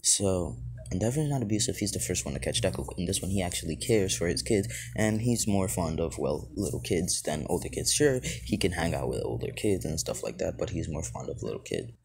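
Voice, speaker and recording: Gravelly and darkish in tone, the low-voiced man tells an improvised fan story animatedly and fairly quickly, rambling with plenty of filler words. He's outdoors with a phone near his mouth, and the recording carries noise.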